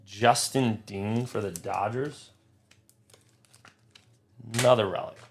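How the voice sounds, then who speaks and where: A man's voice: lowish voice, slow, slight background noise. A young man hosting a live trading card break, talking to his chat, frustrated and swearing often. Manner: profane, frustrated, talks to chat.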